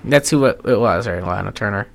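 A woman's voice: extremely low pitch, animated, fairly quick, gravelly. A woman co-hosting a podcast, reviewing a movie in casual, rambling chat and swearing offhand. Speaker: podcast co-host.

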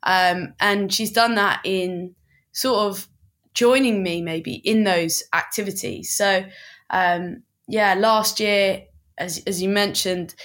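A young woman with a bright, forceful tone. She talks in a chatty, loose way, full of "like" and "um" fillers, as a guest in a relaxed interview. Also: medium pitch. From England. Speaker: Olympic athlete guest. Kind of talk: casual chat.

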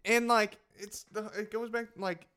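A man co-hosting a podcast in casual sports chat, rambling with lots of "like" and quick to laugh. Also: high voice, steady tone, sharp tone, smooth. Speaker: podcast co-host.

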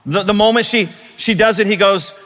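A man preaching a sermon, building to emphatic, drawn-out declarations and then dropping to softer asides. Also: sits high, in a large hall. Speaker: pastor.

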